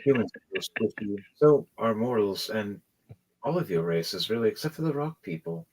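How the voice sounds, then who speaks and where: A man voicing a metal robot servant who talks of humans with cold disdain, in a low, quiet, flat way in a tabletop game. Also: moderate pace, slightly rough, poor audio. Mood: coldly blunt.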